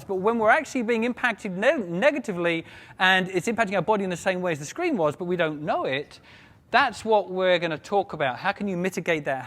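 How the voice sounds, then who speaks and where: A man giving a conference keynote on a stage, animated and joking with the audience. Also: high voice. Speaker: keynote speaker. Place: large conference hall stage. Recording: long reverb of a large hall.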